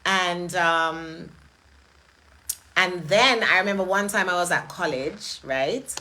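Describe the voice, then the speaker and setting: Woman, middle-aged, chatty, animated, bright, slightly low voice. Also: takes it slowly, rough recording. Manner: chatty, animated, laughs often and jumps into patois impressions. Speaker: event host. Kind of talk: casual monologue.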